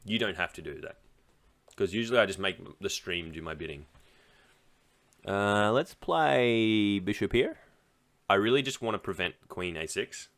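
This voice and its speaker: Low-voiced man talking through chess moves. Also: fairly quick, a bit bright. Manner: thinks aloud through moves, chatty asides. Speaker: chess streamer. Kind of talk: casual live game commentary.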